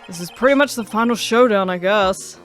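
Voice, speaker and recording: A woman's voice: mid-range voice, brisk, faint music behind, lightly acted. A woman voicing an anxious young male defense lawyer, earnest and wry.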